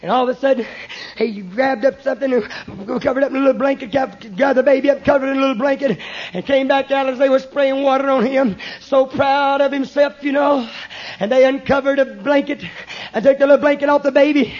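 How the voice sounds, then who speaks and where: A man preaching a fiery hellfire sermon, calling listeners "friend" and rising into shouts. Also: very high-pitched, steady tone, a little fast. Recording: dull lo-fi recording.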